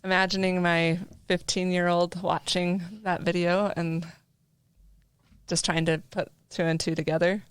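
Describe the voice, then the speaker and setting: Middle-aged mom, smooth low voice, dry wit. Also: female voice, level tone, unhurried, no echo. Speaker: podcast guest, parent. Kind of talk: casual discussion.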